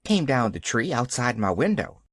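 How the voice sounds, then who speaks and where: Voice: medium pitch, big pitch swings, moderate pace, breathy edge, no room sound, clean studio sound. A reader voicing an eager, cheerful little orphan girl. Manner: bright, eager, upbeat.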